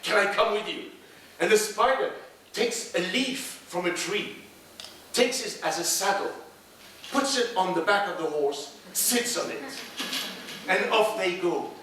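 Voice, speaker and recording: A man telling a folk tale live on a theater stage, slow and rhythmic with repeated phrases. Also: sits high, animated, pushed and bright, a little hiss or hum. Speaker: storyteller. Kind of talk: live solo storytelling performance. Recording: echoey theater from far off, drums. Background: drums and percussion.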